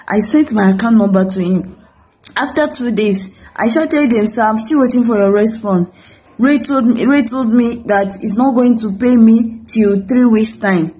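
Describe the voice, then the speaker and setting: A young woman with a Nigerian English accent speaks straight to camera, her high voice tearful and pleading. She circles back over the same words as she begs, a film producer close to crying. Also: normal speed, warm tone, rough recording. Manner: pleading, repetitive, breaking into tears. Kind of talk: emotional direct-to-camera appeal.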